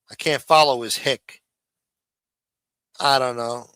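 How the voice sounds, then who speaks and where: Blunt, profane New ranter. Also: male voice, medium pitch, fairly even intonation, slow, pauses often, sharp tone, smooth, no echo. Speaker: livestream host. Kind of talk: profane ranting commentary.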